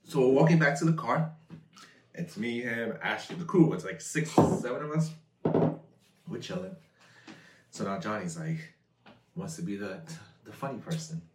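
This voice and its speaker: A man as a podcast guest, telling stories in a laid-back, drawn-out casual way. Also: lowish voice, expressive. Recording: echoey room, mic far off.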